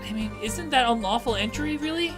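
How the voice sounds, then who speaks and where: A man's voice: very high voice, expressive, fairly quick, music in the background, pitched above the performer's own voice. A man voicing an earnest young defense lawyer in a game playthrough, asking questions. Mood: doubtful.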